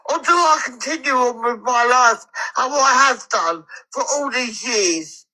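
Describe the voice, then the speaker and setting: A woman's voice: sits high, a little slow, hardly any pauses, pushed and bright, rough recording. A woman ranting angrily on a live stream, swearing heavily and close to tears at times. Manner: furious, swearing, tearful at times. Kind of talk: angry live-stream rant.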